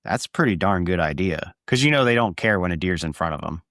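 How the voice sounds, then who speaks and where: Man, podcast host, fairly low voice, dry close sound, relaxed and agreeable. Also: fast talker, no room sound. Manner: relaxed, agreeable, frequent affirmations. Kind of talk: casual interview chat.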